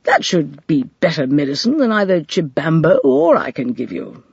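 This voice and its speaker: A narrator voicing a brisk, kindly male doctor in an audiobook. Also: medium pitch, huge pitch swings, vocal fry, slightly rough, dry recording, highs cut off, heavily acted. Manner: brisk, commanding.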